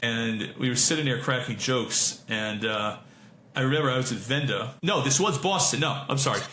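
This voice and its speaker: A man's voice: medium pitch, moderate pace. A man co-hosting a podcast in casual chat, telling stories in a rambling way and often correcting himself and restarting. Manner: rambling storyteller, many self-corrections and restarts. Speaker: podcast co-host. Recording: bright, echoey room with faint hiss.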